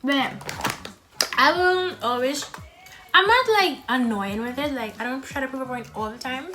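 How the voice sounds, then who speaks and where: A woman's voice: high voice, moderate pace, over music. A young woman who films herself eating at home and chats to the camera in a blunt, frank way, talking between bites. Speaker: mukbang vlogger. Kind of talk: casual talk while eating.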